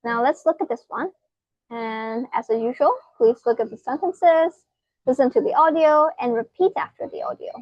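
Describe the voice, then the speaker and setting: Woman teacher, high and unhurried, patient step-by-step explainer, dry muffled lo-fi recording. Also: darkish tone, no room sound. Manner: patient, spells out letters, asks rhetorical questions. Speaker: English teacher. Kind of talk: slow explanatory grammar lesson.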